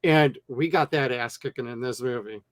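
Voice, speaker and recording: A man co-hosting a movie review show, talking casually and bluntly with lots of swearing and animated retellings. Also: mid-range voice, normal speed, no echo, clean studio sound. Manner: blunt, profane, animated storytelling. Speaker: movie review podcast co-host.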